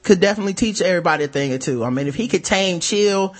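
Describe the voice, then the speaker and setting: A man hosting a podcast in casual chat, relaxed and profane, with many ums and uhs. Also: high voice, rapid-fire. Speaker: podcast host.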